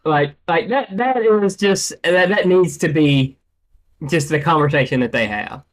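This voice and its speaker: A co-host in a casual chat, animated and opinionated, with many fillers. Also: medium pitch, measured pace.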